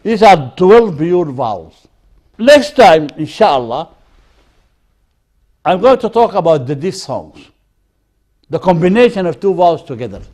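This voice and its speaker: Slow, high-voiced male lecturer. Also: darkish tone. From Sudan. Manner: deliberate, drills example words one by one. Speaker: university lecturer. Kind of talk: recorded university lecture.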